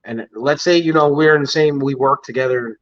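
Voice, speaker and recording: A man's voice: mid-range voice, fairly quick, a bit bright, dry recording. A man in casual podcast chat who jokes in a blunt, profane way. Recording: dull, lo-fi audio.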